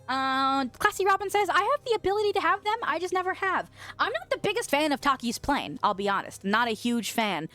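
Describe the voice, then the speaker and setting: A woman's voice: high-pitched, big pitch swings, brisk, pushed and bright, faint music behind. A young woman streamer from the western United States, chatting casually, reading viewer comments aloud, swearing freely and laughing often.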